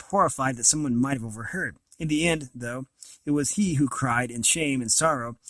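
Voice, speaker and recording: A man's voice: mid-range voice, pushed and bright, dry recording. A man reading a novel aloud, with occasional slips and restarts. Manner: reads with small slips and restarts. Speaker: reader of an audiobook.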